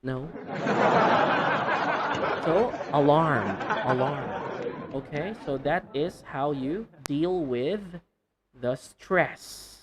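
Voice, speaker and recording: A man teaching an online pronunciation lesson, repeating words to drill them, with a deliberate, lightly playful manner. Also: on the high side, lively intonation, very noisy.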